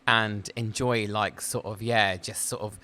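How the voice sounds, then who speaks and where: A man's voice: lowish voice, fairly even intonation, a little slow, bright, forceful tone. A man who works in PR, a podcast guest chatting over afternoon tea in a restaurant, enthusiastic and hesitant with many fillers. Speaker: PR agency director, podcast guest. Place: restaurant in the city.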